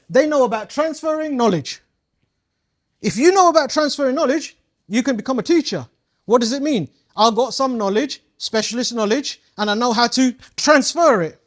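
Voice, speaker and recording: A man's voice: very high voice, animated, moderate pace. A man leading a live coaching workshop, playful and slangy, quizzing his audience as he goes. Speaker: community coaching trainer.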